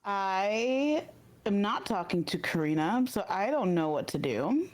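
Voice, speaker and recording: A woman's voice: medium pitch, sing-song, measured pace, darkish tone. A woman playing in a tabletop game, talking casually and hesitantly with self-mocking asides. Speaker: player.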